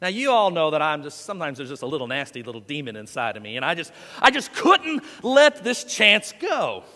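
A man preaching a sermon. His voice sits high and rings brightly, and he tells stories in a folksy, animated way. A long reverb from a big hall trails after his words. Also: brisk. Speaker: pastor.

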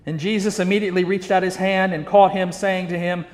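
High-voiced preacher in a reverberant hall. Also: male voice, moderate pace. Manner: earnest, emphatic, repetitive preaching cadence. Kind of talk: sermon.

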